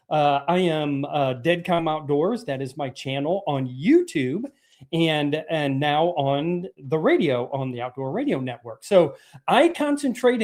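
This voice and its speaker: Chatty higher-voiced male radio host. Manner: relaxed, chatty, many fillers. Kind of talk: casual radio show talk.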